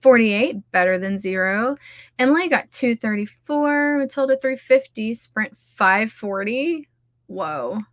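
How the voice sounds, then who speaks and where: A woman's voice: fairly high pitch, lively intonation, measured pace, no room sound, studio quality. A woman hosting a casual livestream, chatty and scattered, laughing often as she talks. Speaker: livestream host running writing sprints. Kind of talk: casual chat to a live audience.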